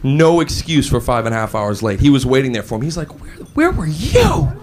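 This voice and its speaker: A man doing animated stand-up comedy, shouting and switching between voices. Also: medium pitch, fast, slight background noise. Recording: live club with audience laughter.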